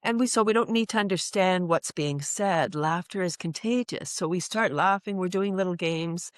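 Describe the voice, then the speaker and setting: A woman's voice: lowish voice, normal speed, no echo. A woman who teaches laughter yoga, talking in a casual interview and acting out little voices and laugh sounds as she goes. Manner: animated, acts out voices and laughs.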